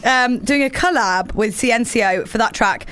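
A woman's voice: on the high side, moderate pace, a bit bright, smooth, dry recording. A woman hosting a radio show, chatty and teasing in casual banter, laughing often.

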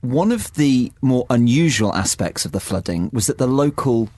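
A man's voice: medium pitch, animated, moderate pace, darkish tone. A British man co-hosting a casual podcast chat, telling stories with a jokey, rambling manner. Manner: chatty, jokey storyteller with um and uh. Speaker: podcast co-host.

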